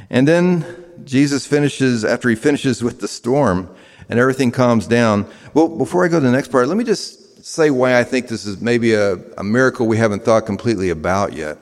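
A man's voice: mid-range voice, expressive, normal speed. A man from the American South preaching a sermon to a room of listeners, conversational and full of fillers and restarts. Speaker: pastor. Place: large room with a live audience. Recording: long reverb of a hall.

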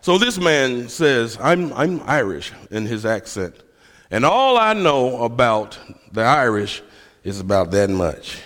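A man's voice: medium pitch, very animated, takes it slowly, a bit bright. Preacher, man, telling stories with a self-mocking humor; long hall reverb around him. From Memphis, USA. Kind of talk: sermon.

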